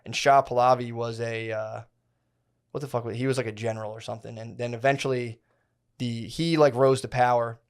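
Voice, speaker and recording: A man's voice: medium pitch, steady tone, brisk, clean tone. A man in his thirties co-hosting a casual podcast, telling a long history story with slang, swearing and many restarts. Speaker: podcast co-host.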